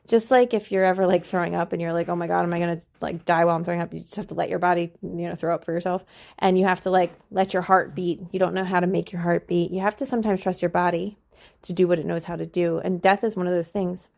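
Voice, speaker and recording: A young woman hosting a podcast, telling a personal story in a casual way with many "like"s, slowing to a soft, soothing tone at times. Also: fairly low pitch, fairly even intonation, vocal fry. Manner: soft, slow and soothing when recalling what she told him. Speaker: podcast host.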